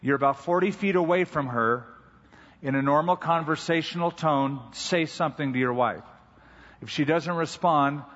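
A man's voice: mid-range voice, a bit bright. Male pastor, mid-range voice, chatty sermon delivery, reverberant hall, slightly muffled recording. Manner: conversational storytelling, unhurried.

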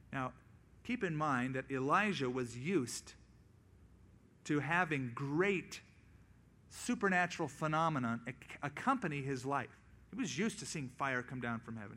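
A male pastor preaching a sermon, acting out quoted voices in lively storytelling. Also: mid-range voice.

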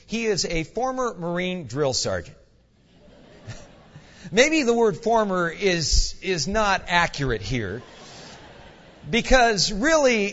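Male guest pastor, sermon, animated earnest storytelling, fairly high voice, lively pitch, dull echoey church recording. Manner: animated storyteller, earnest, mixes folksy asides with preaching. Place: church sanctuary.

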